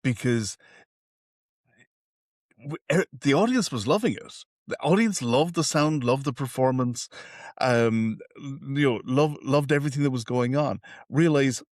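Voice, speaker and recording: A man's voice: mid-range voice, unhurried, a little mellow, no echo, studio quality. A man hosting a podcast interview, talking in a reflective, rambling way. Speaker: podcast host. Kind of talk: casual interview.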